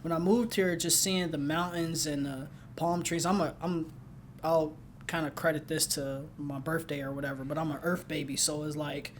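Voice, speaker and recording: An upbeat young man from Ohio chats on a podcast, his voice sitting a little high for a man and breaking easily into laughter. He often restarts his phrases as he tells stories. A faint low rumble hums underneath. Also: fairly even intonation, normal speed. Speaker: podcast co-host. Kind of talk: casual chat.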